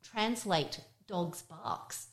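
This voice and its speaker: A woman's voice: mid-range voice, very slow, crowd noise. A woman in her fifties, a guest, telling stories in a reflective, casual way with many fillers. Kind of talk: casual chat.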